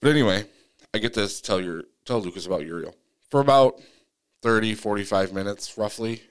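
A man's voice: brisk, clean tone. A man on a podcast telling a personal story in casual, earnest talk, acting out his own side of the exchange. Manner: animated retelling, acting out his own pleas in a higher voice; earnest, many restarts and fillers. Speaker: podcast co-host.

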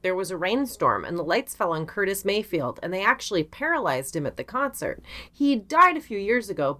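A woman co-hosting a podcast, chatting casually and retelling stories and news with animated storytelling. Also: fairly low pitch. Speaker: podcast co-host. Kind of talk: casual chat.

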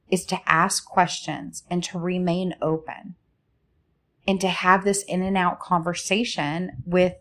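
A woman speaking as a spiritual coach in a slow, soothing, inviting way, asking many reflective questions. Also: lowish voice. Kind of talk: reflective guided talk.

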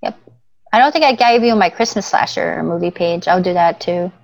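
A woman's voice: fairly low pitch, moderate pace, creaky, rough recording. Chatty young woman, laughing guest. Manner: chatty, rambling, laughs often. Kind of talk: casual chat.

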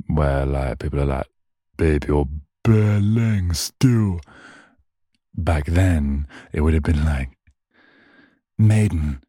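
A man's voice: a bass voice, warm tone, slightly rough, no room sound, clean studio sound. A young man hosting a solo podcast, rambling in a chatty, self-mocking way. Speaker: podcast host.

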